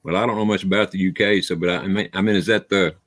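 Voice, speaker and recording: A man's voice: deep voice, fairly even intonation, fast talker, fairly bright tone, no echo, clean studio sound. A man hosting a casual chat, easygoing, asking questions and agreeing readily. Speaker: panel host.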